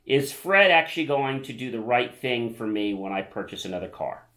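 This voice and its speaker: A man's voice: mid-range voice, expressive, moderate pace, sharp tone. A man presenting a self-help lesson to the camera, in a casual, enthusiastic, chatty way, often checking in with the viewer. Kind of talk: casual instructional talk to camera.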